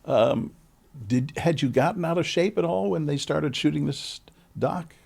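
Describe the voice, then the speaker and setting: A man's voice: fairly high pitch, a little slow, gravelly, darkish tone, husky. A man hosting a podcast interview, asking dry, teasing questions. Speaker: podcast host.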